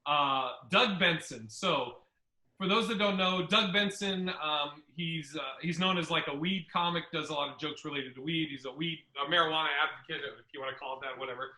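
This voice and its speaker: Comic podcast host, male: high, piercing voice, cursing storyteller, echoey room. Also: a little fast. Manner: profane, animated, acts out other people's lines. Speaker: podcast host and stand-up comedian. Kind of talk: casual storytelling chat. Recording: roomy echo.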